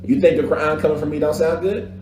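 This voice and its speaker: A man teaching a casual religious class, talking in a lively, slangy way and mimicking recitation styles. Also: on the high side, quick pace, a crowd in the background. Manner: animated, conversational, slangy, imitates recitation styles. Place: echoey mosque classroom. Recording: echoey room with faint background ambience.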